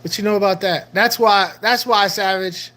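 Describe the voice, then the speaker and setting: An aquarium channel host chatting casually on a livestream, animated and joking, often repeating phrases. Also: medium pitch, moderate pace.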